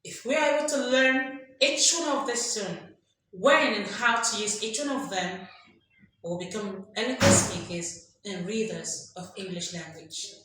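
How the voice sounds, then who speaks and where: Over music, a woman with a mid-range voice teaches an English class at a slightly slow pace. She is emphatic, drilling examples aloud and quizzing her listeners. The recording has strong echo and faint background noise.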